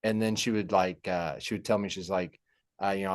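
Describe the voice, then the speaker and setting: A young man telling a personal story in a halting, heartfelt way, with many fillers and restarts. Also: low-pitched, steady tone. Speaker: podcast guest. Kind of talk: personal story in casual conversation.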